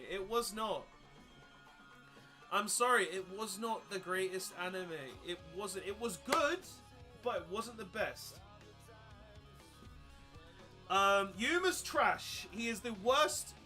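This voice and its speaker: A young man chatting casually while streaming a card game, rambling and breaking into loud excited outbursts. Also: sits high. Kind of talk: casual live-stream commentary while playing.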